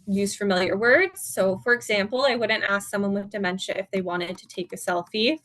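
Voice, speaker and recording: Calm woman teaching caregivers. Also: mid-range voice, normal speed, dry recording. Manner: calm, instructive, step-by-step guidance. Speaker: dementia care educator. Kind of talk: virtual seminar presentation. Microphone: video call.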